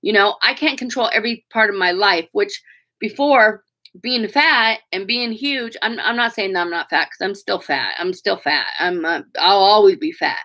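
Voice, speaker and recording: A woman in her forties with a bright, forceful voice talks straight to her viewers in a live stream. She is candid and emotional, with plenty of fillers and a few swear words along the way. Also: mid-range voice, normal speed. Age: 40s. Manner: frank, emotional and chatty, with frequent fillers and swearing. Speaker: vlogger talking to viewers.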